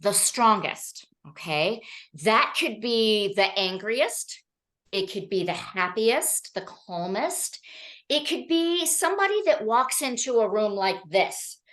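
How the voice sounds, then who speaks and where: A woman from Colorado addresses a training audience slowly, her medium-pitched voice carrying animated stories. She often pauses on "okay?" and "right?" to check in.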